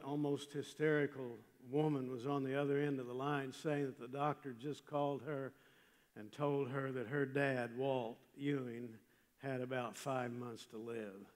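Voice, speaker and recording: An older man preaching a chapel sermon, telling a story with emphatic swings from loud passages to hushed ones. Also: mid-range voice, fairly even intonation, measured pace. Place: large chapel. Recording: long hall reverb.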